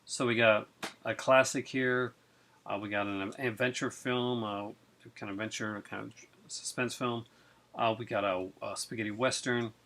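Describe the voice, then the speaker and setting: A video host with a lowish voice and moderate pace does a casual unboxing vlog. He talks in an excitable, rambling way full of fillers, and he sounds chilled from being out in the cold rain.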